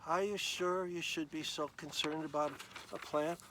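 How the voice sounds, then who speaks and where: A patient God who reasons calmly and asks gentle questions, as a man retells the story. The voice sits slightly high and explains things plainly, like someone making a point kindly. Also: normal speed, a little hiss or hum. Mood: reasoning.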